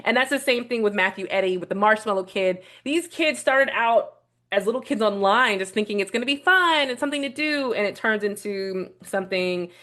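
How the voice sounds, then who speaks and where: A woman's voice: mid-range voice, a little fast. Blunt, opinionated woman vlogger. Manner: blunt, opinionated, swears freely; rambling with restarts, animated retelling. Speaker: vlog host reviewing a documentary. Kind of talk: casual video commentary.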